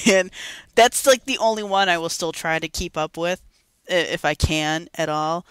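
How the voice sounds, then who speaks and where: A young woman with a bright, sharp tone chats about video games on a podcast, animated and giggly. The sound is dry and close, with almost no room behind her. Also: fairly low pitch, unhurried, clean tone, dry recording. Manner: chatty, giggly, animated storytelling. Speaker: podcast co-host. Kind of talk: casual gaming chat.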